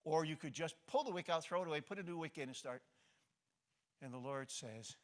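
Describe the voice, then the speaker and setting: Middle-aged guy preaching, gets loud then goes soft, repeats himself a lot. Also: on the high side, a little fast. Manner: impassioned, rising to emphasis then dropping soft; repeats and restarts phrases. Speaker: pastor. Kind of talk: sermon.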